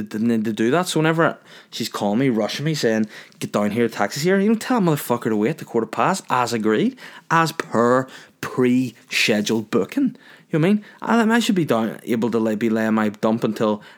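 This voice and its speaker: A young man, telling a crude, rambling comic story in a loose monologue. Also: medium pitch.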